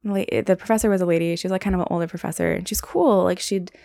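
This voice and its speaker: A woman's voice: on the low side, fairly even intonation, fast talker, creaky, warm tone, dry recording, studio quality. A young woman hosting a solo podcast, telling stories casually with lots of "like" and "um". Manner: casual, rambling, frequent "like" and "um". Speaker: podcast host.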